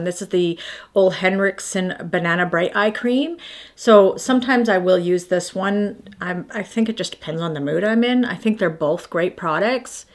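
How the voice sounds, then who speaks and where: A woman in her fifties chatting casually through her morning skincare routine, rambling and self-deprecating as she shows each product. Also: mid-range voice. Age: 50s. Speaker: beauty vlogger.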